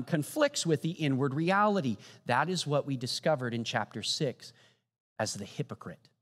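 Animated preacher with a lively voice. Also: male voice, sits high. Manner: animated, rhetorical questions, repeated "right?". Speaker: pastor. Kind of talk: sermon. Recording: long hall reverb.

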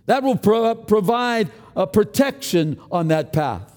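An older man preaching a sermon as pastor, earnest, swinging between a loud push and a hushed near-whisper. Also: sits high, big pitch swings, slow pace, in a large hall.

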